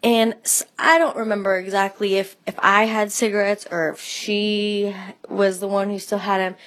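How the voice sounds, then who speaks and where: A woman's voice: mid-range voice, flat delivery, normal speed, fairly bright tone, poor audio. A woman telling a personal story about a friend in a rambling, hesitant way, with many restarts. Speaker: friend sharing memories.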